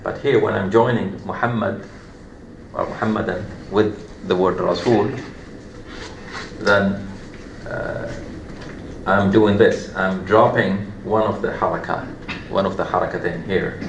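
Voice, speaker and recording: A man's voice: sits low, fairly even intonation, a little slow. A man teaching a classroom lesson on Quran recitation, explaining patiently step by step with repeated examples. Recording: echoey room, light background hum.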